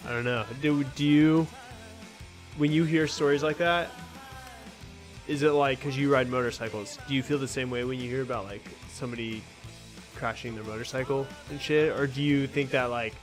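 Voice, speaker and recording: A man's voice: medium pitch, fairly even intonation, moderate pace, faint music behind. A man hosting a casual podcast chat, loose and rambling, with some swearing. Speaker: host.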